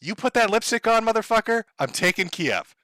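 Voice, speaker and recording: Man's put-on angry older world leader, profane, sharp voice. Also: high voice, expressive, brisk, no echo, pitched above the performer's own voice. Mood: defiant, furious. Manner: profane, blustering tirade. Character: furious older male world leader, defiant.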